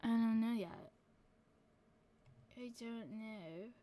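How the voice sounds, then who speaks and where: A woman's voice: a little high, takes it slowly, dark tone, dry recording. A woman streamer chatting casually to her viewers, rambling with lots of fillers and casual swearing.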